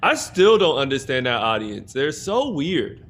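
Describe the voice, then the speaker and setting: A man's voice: medium pitch, big pitch swings, unhurried, fairly bright tone, slight background noise. A man who hosts a comedy club, chatting casually, telling stories, laughing a lot and acting out quotes. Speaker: comedy club host, runs open mic. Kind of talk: casual chat.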